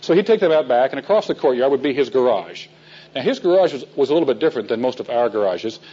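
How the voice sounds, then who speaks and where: A man's voice: medium pitch, expressive, fast talker, mellow, husky, muffled recording. A man teaching a men's Bible class in a folksy storytelling way, asking his listeners questions.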